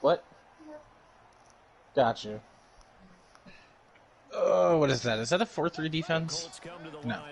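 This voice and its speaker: A man's voice: a little high, expressive, slow pace, vocal fry, long pauses. A young man chatting casually and cursing while streaming a football video game. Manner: swearing, joking banter. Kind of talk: casual chat while gaming. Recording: game crowd noise behind.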